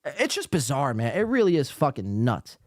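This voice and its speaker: Man, podcast host, profane sarcastic rant, swooping pitch, dry close sound. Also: normal speed, no echo. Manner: lively, jumpy pitch. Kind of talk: casual live-stream commentary.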